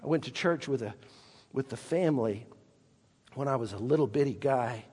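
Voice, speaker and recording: A man's voice: mid-range voice, moderate pace, dark tone, husky, in a large hall. A man preaching a sermon as pastor, emphatic and given to repeating words as he restarts.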